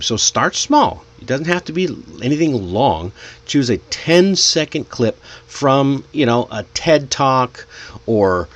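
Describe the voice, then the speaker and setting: Animated, slow-paced male English teacher. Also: mid-range voice. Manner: energetic, demonstrative, encouraging, stretches out example words. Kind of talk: teaching lesson.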